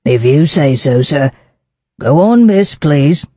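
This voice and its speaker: Grumpy plodding cop, suspicious, low-key husky voice, narrator doing him. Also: animated, warm tone, dry recording, highs cut off. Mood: stolid. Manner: stolid, slow, skeptical. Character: gloomy, suspicious police inspector around fifty.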